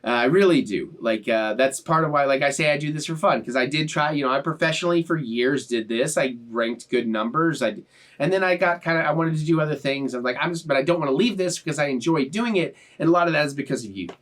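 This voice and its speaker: A man's voice: on the high side, fast talker, a bit bright. Earnest emotional young man, off-mic. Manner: earnest, emotional, rambling with many restarts. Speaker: YouTube reaction channel host. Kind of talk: casual heartfelt talk to viewers. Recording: voice a bit far from the mic.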